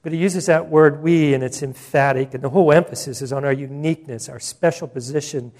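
A man's voice: on the high side, a little fast, darkish tone. A male pastor preaching a sermon in an emphatic, conversational way, with asides and restarts.

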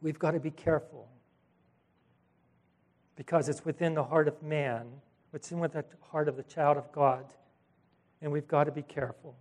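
A man delivering a sermon, pitched a little higher than most men. He speaks in an animated, conversational style, breaking into asides and correcting himself as he retells scripture. He acts out the voices of the people in the stories. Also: normal speed, pauses often. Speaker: pastor.

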